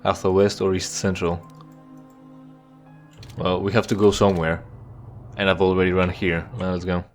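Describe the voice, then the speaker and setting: A man's voice: sits low, flat delivery, moderate pace, faint music behind. A man giving casual, joking commentary while playing a game, rambling with stammered restarts. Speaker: let's play gamer.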